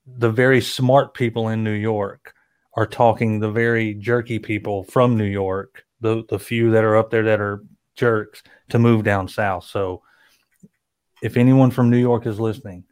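A man with a Southern US accent, slow-talking and joking in casual podcast chat. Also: fairly low pitch, steady tone, darkish tone, clean tone. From American South. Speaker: podcast co-host.

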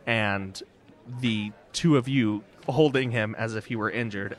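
A man's voice: on the low side, a bit bright. Casual male game master, easygoing, loose narration with fillers. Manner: casual, rambling, with fillers and laughs.

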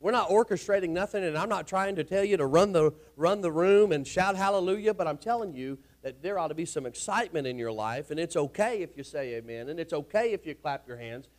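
A man preaches in a church, his voice sitting high for a man. He is folksy and rousing, and he swings between easy talk and loud bursts of shouting. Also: lively intonation, brisk, few pauses. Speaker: pastor. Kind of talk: sermon. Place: church sanctuary.

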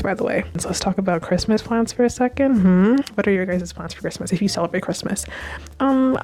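Recapping a TV series on her podcast, a young woman rambles and gushes through casual chat packed with fillers, recorded on a home mic. She has a mid-range, slightly mellow voice.

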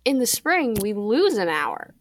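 A teenage girl co-hosting a podcast, chatting in a relaxed way and laughing often. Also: a little high, measured pace, dry recording. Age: teens. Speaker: podcast co-host. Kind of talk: casual chat.

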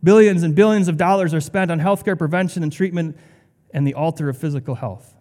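A man's voice: fairly high pitch, brisk, darkish tone, big-room sound. A male pastor delivering a sermon in a conversational way, with sarcastic asides.

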